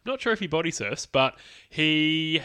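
A man's voice: a little high, expressive, normal speed, sharp tone, clear, resonant tone. A man co-hosting a podcast, chatty and amused in casual conversation. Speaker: podcast co-host. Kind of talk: casual chat.

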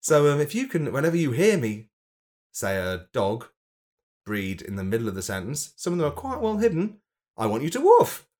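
Wry man with a lively voice. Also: fairly high pitch, normal speed. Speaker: podcast co-host. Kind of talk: casual comedy chat.

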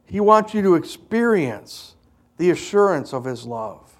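A man's voice: a little high, big pitch swings, a little slow. A man preaching a sermon as a pastor, in an earnest, emphatic storytelling manner.

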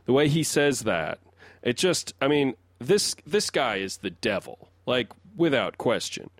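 A man's voice: medium pitch, big pitch swings, a little slow, no room sound. Dry, rambling podcast co-host man. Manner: rambling, restarts sentences while building an argument. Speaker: podcast co-host and resident song analyst. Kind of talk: casual podcast discussion.

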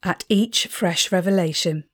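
A woman reading a children's story aloud, gentle and expressive. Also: on the low side, measured pace. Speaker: audiobook reader. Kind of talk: storybook narration.

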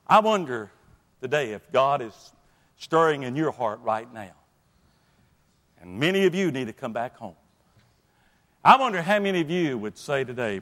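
A man preaching a revival sermon in a church, impassioned and building to shouts at the high points. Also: sing-song, moderate pace, long pauses. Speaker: pastor. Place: church sanctuary. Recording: long reverb of a large hall.

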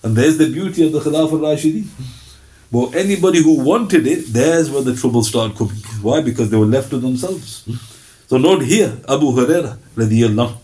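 A man teaching a religious lesson, telling stories in a lively way and citing sources by number. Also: mid-range voice, brisk. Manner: lively storyteller, cites hadith sources by number. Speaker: Islamic teacher.

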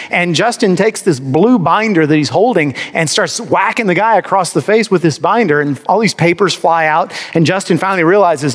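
A male pastor preaching with lively, rhetorical delivery, often putting on mock voices to make a point. His voice sits a little higher than most men's. The sermon carries a long reverb from a large hall.

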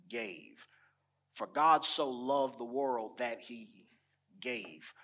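Slow, deliberate preaching man. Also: on the high side, a bit bright. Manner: slow, dramatic pauses, stretched key words; rising emphasis on repeated phrases. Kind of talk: sermon.

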